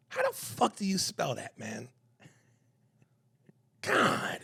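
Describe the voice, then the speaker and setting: A man with a New York accent co-hosting a comedy podcast, talking in profane, animated banter and reading listener messages aloud. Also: on the high side, slow, creaky, long pauses, husky. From East Coast of the US. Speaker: podcast co-host.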